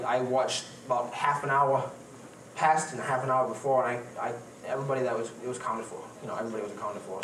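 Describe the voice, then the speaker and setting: A paranormal investigator telling funny stories at a conference, animated and laughing at himself. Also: male voice, mid-range voice. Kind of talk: conference talk, storytelling. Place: conference hall. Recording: echoey hall, far from the mic, noisy.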